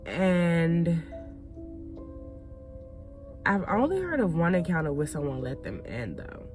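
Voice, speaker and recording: Slow, low-voiced woman telling a story. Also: big pitch swings, a little mellow. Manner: chatty, addresses viewers as y'all. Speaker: video host. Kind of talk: casual storytelling to viewers. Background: music.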